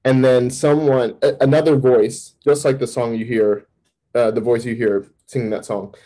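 A man, a campus minister, giving a candid personal testimony in an interview, telling it vividly with sudden jumps in pitch. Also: level tone, moderate pace, dark tone, rough recording.

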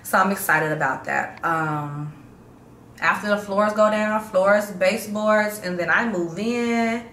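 A woman's voice: mid-range voice, a little slow, fairly bright tone. A woman from Chicago talking casually to her viewers in a slangy, chatty vlog update that gets hyped up. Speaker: vlogger. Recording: roomy echo, faint background hum.

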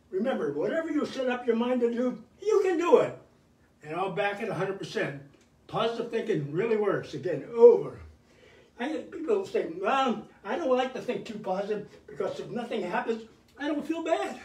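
An older man leads a live workout in a high, bouncing voice, counting reps and urging everyone on with upbeat cheer. He sounds set back from the mic in a roomy indoor space. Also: far from the mic. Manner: energetic, cheering coaching with counted cues. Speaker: fitness show host.

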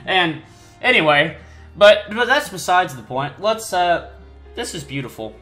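A male gaming host chats his way through a game from his home setup. He jumps between low mumbles and high, excited squeals and keeps undercutting himself. Faint game music plays behind him. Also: a little slow. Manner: rambling and self-deprecating, with sudden excited squeals. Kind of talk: casual gameplay commentary. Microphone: desk mic, no face cam.

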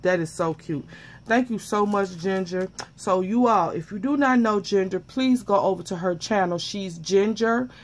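A woman vlogger chatting casually as she unboxes a package, gushing and repeating how much she loves each item, excited and a little flustered. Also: mid-range voice, moderate pace.

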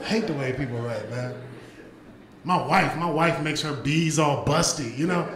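Animated man doing stand-up comedy. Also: on the high side, normal speed. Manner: loud, animated crowd work with profanity. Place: comedy club stage before a live audience. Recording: echoey club with audience laughter.

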